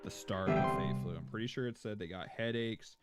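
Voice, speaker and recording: A man's voice: fairly low pitch, a little fast, over loud music. A man streaming a game, joking and rambling and slipping into silly voices. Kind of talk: casual gaming livestream.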